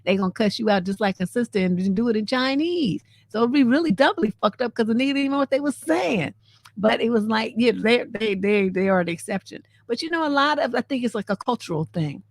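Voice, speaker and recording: A woman relationship coach hosting a live stream, talking in a blunt, sassy, profane and animated way. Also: fairly high pitch, fairly quick, dry recording. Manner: animated, laughs often. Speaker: relationship coach and show host. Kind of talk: casual live-stream commentary.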